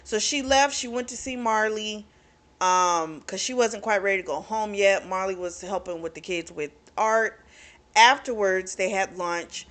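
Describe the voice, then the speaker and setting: Retelling a novel's plot casually, this book reviewer speaks at a medium pitch with a slightly bright voice. She's chatty and full of laughter and fillers like "like" and "you know," briefly acting out the characters' dialogue in quick asides.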